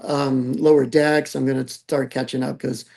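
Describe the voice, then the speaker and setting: A man in a casual podcast chat, talking in a relaxed, rambling, halting way. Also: mid-range voice, gravelly.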